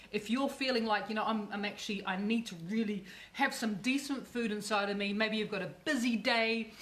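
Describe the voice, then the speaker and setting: A woman's voice: a little high, fairly bright tone. A woman hosting a chatty livestream cooking demo, bubbly and effusive, often repeating herself. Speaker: cooking show host.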